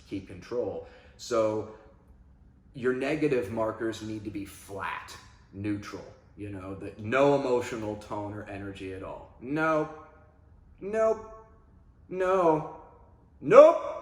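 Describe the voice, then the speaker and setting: A lower-pitched man talking through dog training in a relaxed, conversational way. Every so often he breaks into loud, animated demonstrations of commands. The sound is echoey, as if recorded in a reverberant room. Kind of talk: casual instructional talk.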